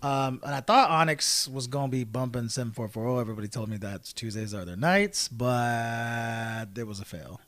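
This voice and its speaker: A man co-hosting a casual podcast, telling a story in an animated way and acting out both sides of an argument. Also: mid-range voice, normal speed, hardly any pauses, no echo. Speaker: podcast co-host.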